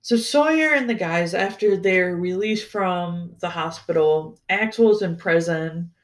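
An unhurried, mid-pitched podcast host talks casually about a book series on their own. They swear freely and get excited, often stumbling and starting sentences over. The delivery stays slow and drawn out throughout. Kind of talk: casual solo book-review chat.

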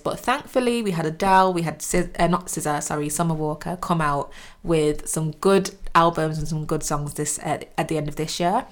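A woman's voice: sits low, fairly quick. A young woman co-hosting a casual music chat, opinionated and frank, swearing casually. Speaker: podcast co-host.

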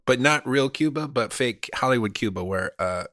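A man's voice: mid-range voice, animated, a bit bright, dry recording, clean studio sound, lightly acted. A man in his forties voicing a boastful Hollywood insider, with an exaggerated fake movie-gangster Cuban accent and swaggering brags. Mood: bragging. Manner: swaggering, bragging, drawn-out "man" tags.

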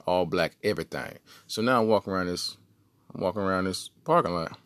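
A man's voice: fast, dry recording. A man in his forties, a podcast co-host, telling a story in a laid-back, slangy way. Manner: laid-back, slangy, puts on high voices for quoted people. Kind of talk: casual storytelling.

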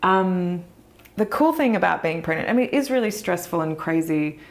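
Australian actress guest in her thirties, candid and chatty, low-ish voice, laughs easily. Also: expressive, moderate pace. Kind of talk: casual podcast interview.

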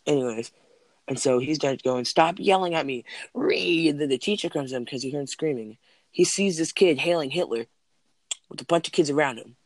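A man's voice: mid-range voice, brisk, dry recording. A man in casual chat, rambling through school stories with lots of "like" and "um". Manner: rambling, heavy use of "like" and "um".

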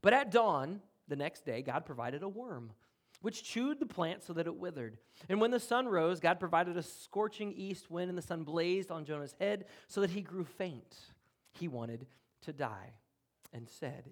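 A man preaches a sermon as a pastor, his voice sitting a little high for a man. He talks in an animated way, rising loud on key points and dropping soft, with the odd chuckle. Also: normal speed. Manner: animated, with swings in loudness and chuckles.

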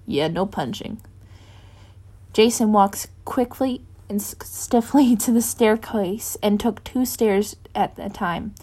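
A woman reading fan fiction aloud in a plain, unpolished way, pausing to correct her own slips. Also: on the high side, steady tone, warm tone, husky. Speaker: reader.

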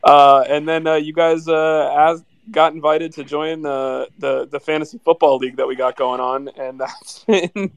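Podcast guy, smooth clear voice, jokey, dry sound. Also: a little high, fairly even intonation, no echo. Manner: joking, quick asides. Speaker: podcast co-host. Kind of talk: casual podcast chat.

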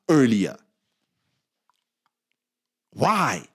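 A South African man ranting in casual commentary, angry and emphatic, with many restarts, loud outbursts and low mutters. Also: lively intonation, a little slow.

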